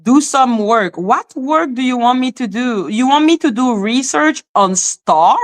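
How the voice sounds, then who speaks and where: Livestream host, woman, slightly high voice, casual blunt ranting, swears freely. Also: animated, unhurried. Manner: blunt, swearing, talks straight to chat. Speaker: livestream host reacting to chat.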